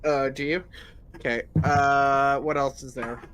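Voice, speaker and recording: A man's voice: mid-range voice, fairly even intonation, a little slow, a bit bright, smooth. A man chatting casually with friends, teasing and laughing. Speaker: player. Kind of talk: casual chat.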